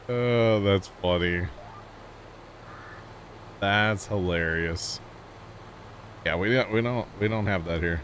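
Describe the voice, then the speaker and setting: Pausing often and speaking extremely slowly, a low-pitched man with a fairly bright tone chats casually with stream viewers as he plays. He's a Missouri livestream gamer with a St. Louis accent who rambles and laughs easily, heard over a little hiss or hum.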